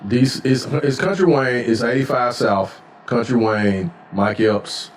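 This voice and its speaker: A man's voice: medium pitch, takes it slowly, a little hiss or hum. A man co-hosting a podcast in casual, profane chat, often answering with "hell yeah". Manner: laid-back, profane, repeats "hell yeah". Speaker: podcast co-host. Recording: distant from the mic, faint room ambience.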